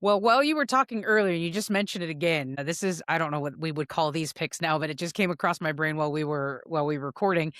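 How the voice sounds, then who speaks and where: A woman's voice: low voice, fast, few pauses, a bit bright, dry recording, clean studio sound. A woman co-hosting a casual podcast, bantering in a playful, upbeat way. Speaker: podcast co-host.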